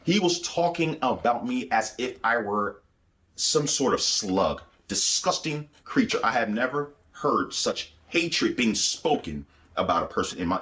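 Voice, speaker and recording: A man with a medium-pitched, slightly bright voice gives a religious testimony about his personal spiritual experience. He speaks intensely, repeating phrases and restarting sentences.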